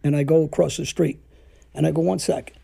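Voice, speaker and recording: A man spins a casual story. His voice is extremely gravelly, deep in tone and very dark, and he slips into the voices of the people he quotes as the tale rambles on. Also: level tone, quick pace. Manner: rambling, acts out quoted dialogue. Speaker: podcast storyteller.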